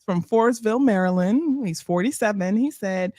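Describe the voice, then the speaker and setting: A woman's voice: mid-range voice, lively intonation, moderate pace, no echo, studio quality. A woman co-hosting a casual podcast chat, reading profiles aloud with frequent laughter. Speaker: co-host reading dating profiles.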